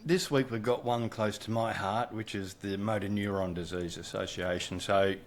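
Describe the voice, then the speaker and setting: A man's voice: fairly low pitch, fairly even intonation, normal speed. A man from Australia, co-hosting a casual podcast in a dry, laid-back way. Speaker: podcast co-host.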